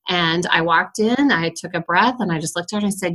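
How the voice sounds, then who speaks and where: A woman's voice: on the low side, quick pace, hardly any pauses, a bit bright. A middle-aged woman, a school principal, answering interview questions in an earnest storytelling way with frequent laughs.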